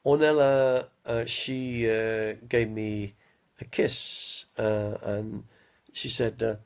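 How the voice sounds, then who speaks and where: A man in his fifties tells rambling, casual stories on a live stream in a lowish, gravelly, husky voice with a level tone. He speaks slowly and haltingly, often losing his train of thought, with a mild stutter following a head injury.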